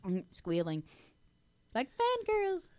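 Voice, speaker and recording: A woman's voice: wildly swooping pitch, slow pace, darkish tone. A woman co-hosting a casual podcast, rambling and giggling while acting out imagined scenes. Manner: giggly, rambling, acts out quotes in squeaky voices. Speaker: podcast co-host. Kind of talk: casual chat.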